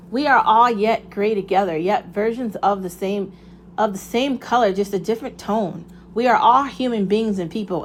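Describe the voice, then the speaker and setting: On her own show, a woman with a medium-pitched voice talks through a loose pep-talk monologue, swearing openly and wandering candidly from point to point. There's a faint hiss or hum.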